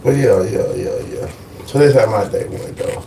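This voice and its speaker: A man telling a personal story casually on a live stream, animated and profane, repeating phrases for emphasis. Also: on the low side, normal speed, creaky, reverberant, far from the mic, a little hiss or hum.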